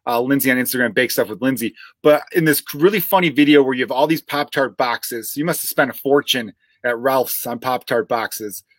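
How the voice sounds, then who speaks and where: A man's voice: mid-range voice, fairly quick, few pauses, no echo. Chicago-accented male podcast host, thirties, loose and rambling, dry close mic. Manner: rambling, swears casually, restarts a lot. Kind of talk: casual comedy podcast chat.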